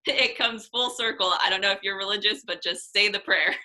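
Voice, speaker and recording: A young woman in her twenties speaks on a video call in a bright, ringing voice. She is blunt and chatty, with a casual swear word here and there, and she sounds relaxed and candid. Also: medium pitch, fairly quick, rough recording. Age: 20s. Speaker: guest coach.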